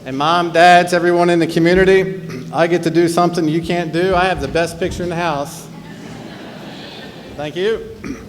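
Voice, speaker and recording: A man in his fifties with a New Jersey accent, giving a graduation speech as school principal in an earnest, measured way with pauses. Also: a little high, steady tone. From New Jersey, USA. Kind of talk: commencement speech. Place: large auditorium or arena. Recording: long hall reverb, faint hum.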